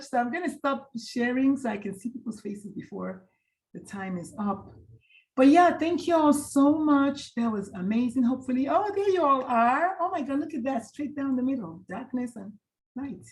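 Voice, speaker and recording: A woman with a fairly high voice wraps up an online talk from a hotel room. She sounds warm and chatty, greeting each person on the call by name and laughing easily. It has the feel of a casual video call. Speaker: presenter.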